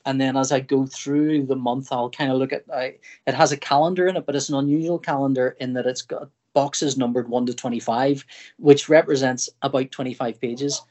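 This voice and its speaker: Speaking fairly quickly in a steady, mid-range voice with a darkish tone, this middle-aged Northern Irish man chats as a comic artist guest on a relaxed podcast. He wanders off topic, leaves sentences unfinished, and performs his own thoughts aloud.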